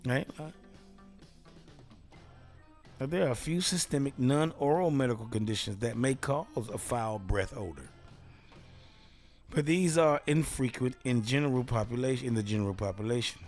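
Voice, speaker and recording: A man's voice: mid-range voice, a little fast, darkish tone, faint music behind. A male talk show host in a casual solo show, riffing playfully and laughing at his own jokes. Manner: playful, self-amused riffing.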